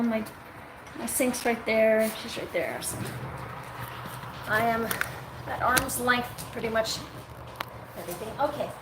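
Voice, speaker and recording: A woman's voice: on the high side, distant mic. A woman dog groomer chatting casually with viewers on a livestream while she works, now and then cooing at the dogs. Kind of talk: casual live-stream chat while working. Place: grooming room. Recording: roomy, from off-mic, with noise.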